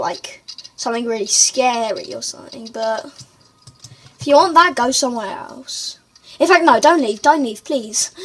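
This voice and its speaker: A woman hosting a let's play, excitable, shrieking and chatting to the creatures on screen. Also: a little high, husky, low-quality recording. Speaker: gaming channel host.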